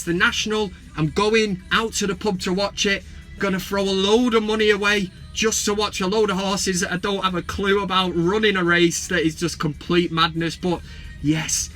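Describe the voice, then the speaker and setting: Sweary, excitable football fan. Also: male voice, high voice. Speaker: football vlog host. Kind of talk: casual fan vlog. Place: parked truck at a service station.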